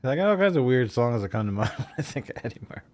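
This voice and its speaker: A man's voice: medium pitch, big pitch swings, very fast, darkish tone. A man chatting as a guest, easygoing and laughing often, with casual swearing. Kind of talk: casual chat.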